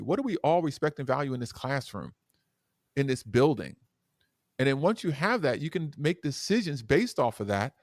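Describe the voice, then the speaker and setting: In a podcast interview, a guest who works as an educator and speaker talks with animated, demonstrative energy, his voice rising loud and dropping soft. It's medium-pitched, and the sound is clean studio quality without room sound.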